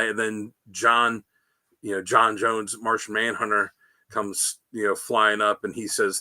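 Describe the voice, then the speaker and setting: Guy on a comics podcast, bright voice, rambly storytelling, lots of um and you know. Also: lowish voice, a little slow. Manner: rambling, animated retelling with many fillers. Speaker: podcast host. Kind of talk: casual comic book discussion.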